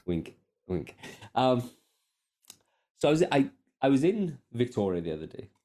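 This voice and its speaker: Lively, sweary man telling stories. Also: mid-range voice, unhurried. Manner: sweary, animated, self-mocking. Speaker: podcast host. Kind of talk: casual chat, storytelling. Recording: podcast microphone.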